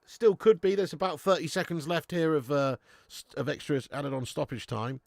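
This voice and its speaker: Gravelly-voiced English man hosting a watch-along. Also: fairly high pitch, normal speed, no echo, studio quality. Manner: casual banter reading chat comments; laughs often, calls people mate. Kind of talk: live football watch-along chat.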